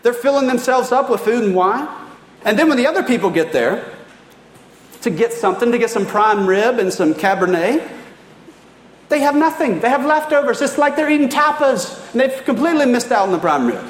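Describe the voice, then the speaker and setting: A middle-aged man preaching a sermon in a church, talking in a conversational, animated way with casual asides. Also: very high-pitched, moderate pace. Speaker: pastor. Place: church hall. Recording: roomy hall reverb.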